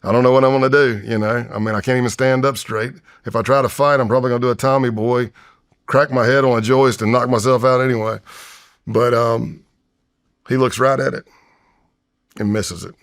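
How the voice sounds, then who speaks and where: Gravelly man telling a tense story. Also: mid-range voice, fairly even intonation, brisk. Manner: vivid storyteller, acts out his own past voice and whispers. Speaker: retired FBI undercover agent, podcast guest. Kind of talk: storytelling in a long-form interview.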